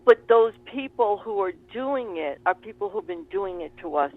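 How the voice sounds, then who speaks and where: A woman in easy conversation, animated and quick to laugh as she tells a story. Her voice comes through a thin, tinny phone line that strips away the low end. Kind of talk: casual conversation on a call.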